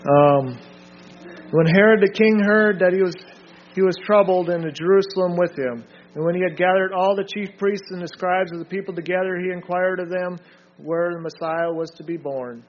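A man's voice: high voice, fairly even intonation, brisk, a little hiss or hum. A man leading a group Bible study, reading scripture aloud and drilling his listeners with short emphatic remarks. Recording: dull lo-fi recording.

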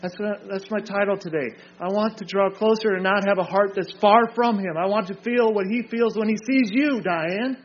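Earnest older man preaching, high voice. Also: normal speed, few pauses, dull audio. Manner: earnest, asks questions and answers them himself. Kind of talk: informal sermon.

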